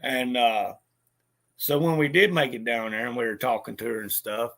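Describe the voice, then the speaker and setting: A man's voice: mid-range voice, steady tone, normal speed, creaky, fairly bright tone. A man telling a personal story in a bitter, profane way, with lots of stammered restarts. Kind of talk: casual spoken monologue.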